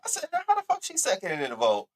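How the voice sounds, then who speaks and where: A man hosting a casual live commentary stream, talking in an animated, sassy and profane way, repeating catchphrases and swinging his voice up high for emphasis. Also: fast. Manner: animated, sassy and profane, with big swoops in pitch. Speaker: livestream host.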